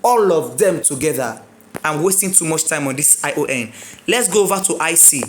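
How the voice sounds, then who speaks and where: A woman teaching an exam prep lesson, drilling words slowly, spelling them out letter by letter and checking in with her students. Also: low voice, animated, slight background noise. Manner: checks in with listeners often. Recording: echoey room.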